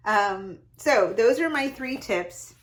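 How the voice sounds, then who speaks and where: A young adult woman hosting a lesson, talking casually and brightly about reading to children as she shows pages of books. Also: on the high side, slow, a little hiss or hum, poor audio. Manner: lively and chatty, showing off book pages. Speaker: host giving read-aloud tips to parents. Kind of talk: casual instructional talk.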